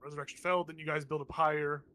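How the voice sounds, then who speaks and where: A man's voice: on the high side, flat delivery, fast talker, pushed and bright. A man running a tabletop game as game master, talking in a loose, teasing way with lots of fillers.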